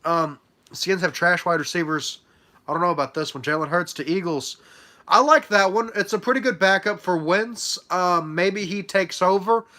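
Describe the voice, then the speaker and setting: A young man talks casually on a live stream, his nose stuffy from allergies. His voice sits high and sounds bright and forward. He fills the gaps with ums and uhs while handing out letter grades. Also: normal speed. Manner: chatty, many fillers, hands out letter grades. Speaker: livestream host reacting to a sports draft.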